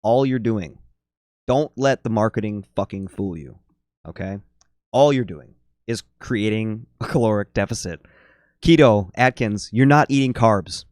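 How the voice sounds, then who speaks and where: A man's voice: fairly low pitch, measured pace, darkish tone, dry recording, clean studio sound. A man who works as a fitness and nutrition coach, talking bluntly in a casual podcast chat and swearing often. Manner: blunt, swears freely, slips into mocking voices.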